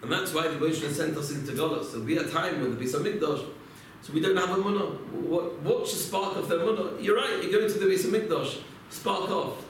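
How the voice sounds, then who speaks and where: A man's voice: a little high, quick pace, hardly any pauses, a little hiss or hum. A man giving a religious lecture, telling stories and asking and answering his own rhetorical questions. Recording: echoey room, mic far off.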